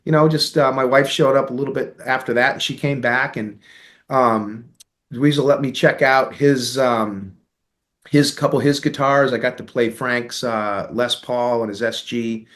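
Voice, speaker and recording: A middle-aged American man, an interview guest, telling a long story in a relaxed, rambling way, with many fillers and quoted dialogue. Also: medium pitch, moderate pace.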